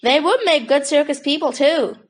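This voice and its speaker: A woman's voice: high voice, normal speed, close to an everyday voice. Affectionate young circus woman, gushing, read in a woman narrator's own voice.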